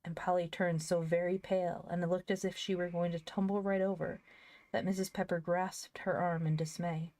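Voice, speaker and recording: A woman narrating an audiobook of a children's classic in a lively, expressive reading. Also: on the low side, moderate pace. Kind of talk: scripted storybook reading.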